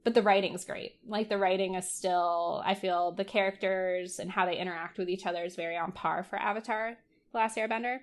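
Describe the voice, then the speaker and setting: Young woman, podcast co-host, casual chat, filler-heavy, mid pitch. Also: steady tone, brisk. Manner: chatty, many "like" and "um" fillers.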